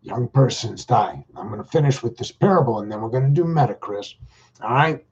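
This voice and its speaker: A man with a husky, slightly rough voice talks in a loose, folksy monologue full of slang. He speaks straight to his listeners. The recording is muffled and lo-fi. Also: medium pitch, lively intonation, a little fast, a little mellow. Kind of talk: casual rambling monologue.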